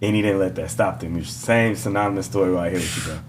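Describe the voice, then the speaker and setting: A man's voice: deep voice, steady tone, fast talker, noisy background. A man hosting a casual interview, who mostly backs up his guest with "yeah" and "mm-hmm" and then reflects back on what he has said. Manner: affirming listener, frequent yeahs and mm-hmms. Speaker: podcast host.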